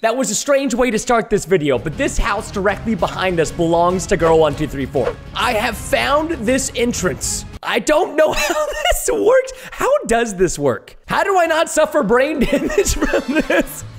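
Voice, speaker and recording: An excitable man hosting a let's play, joking and laughing as he goes, with a very animated pitch that leaps around. A soft music bed plays faintly behind his voice. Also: measured pace. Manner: excitable, jokey, prone to laughing. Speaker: gaming video host.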